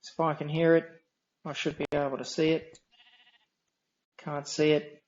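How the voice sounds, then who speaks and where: A man's voice: fairly high pitch, little pitch movement, measured pace, darkish tone, highs cut off. Nasal droning Australian man. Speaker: streamer. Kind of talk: casual gameplay commentary.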